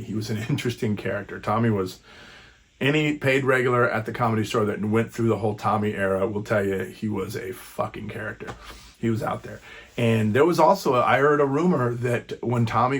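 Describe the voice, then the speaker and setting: A man's voice: on the low side, fairly quick, husky. A stand-up comedian in his fifties telling a rambling, profane story in a casual vlog. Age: 50s. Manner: rambling, profane, frequent restarts.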